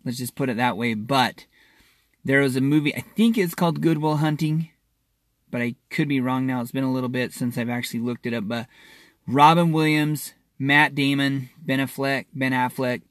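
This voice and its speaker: A man who works as a wellness practitioner, talking casually and earnestly to listeners in a halting way, often doubling his words. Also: medium pitch, fairly bright tone, no room sound. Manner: reassuring, earnest. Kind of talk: casual spoken monologue to listeners.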